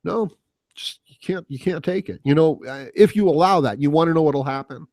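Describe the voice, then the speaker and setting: A man's voice: on the high side, fairly quick, darkish tone, no room sound, clean studio sound. A man hosting a solo podcast, ranting casually in a rambling, profane way with lots of fillers. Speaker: podcast host.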